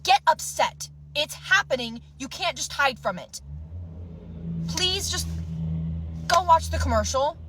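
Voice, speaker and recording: A woman's voice: high voice, expressive, a little slow, long pauses, background noise. A woman giving an impassioned, agitated rant straight to camera, earnest and stumbling over her words. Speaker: content creator.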